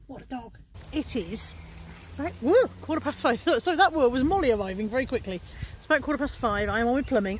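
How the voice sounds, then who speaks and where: Speaking quickly and expressively in a voice on the high side, a middle-aged vlogger talks casually to her handheld phone camera for a diary entry. She's self-deprecating and addresses her dog. Slight background noise can be heard.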